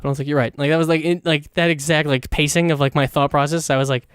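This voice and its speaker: A man's voice: fairly high pitch, steady tone, quick pace, hardly any pauses, smooth, no room sound, clean studio sound. A man hosting his own podcast, giving a casual, rambling, profane movie review full of fillers. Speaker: podcast host.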